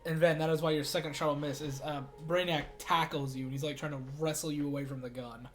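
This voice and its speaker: A man's voice: fairly high pitch, steady tone, quick pace, faint music behind. A man narrating as game master in a casual, easygoing way.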